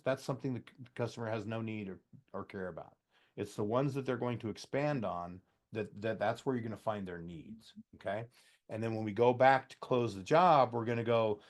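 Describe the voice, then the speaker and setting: A man giving a loose, folksy training talk to contractors. He acts out bits of customer dialogue, and he has a slight cough. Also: mid-range voice. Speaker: trainer for heat pump contractors.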